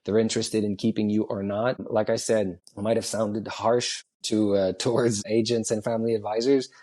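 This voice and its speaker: A man's voice: lowish voice, level tone, normal speed, dark tone. A man from Canada, a former junior hockey player, giving earnest advice in a casual interview chat, often repeating his key points.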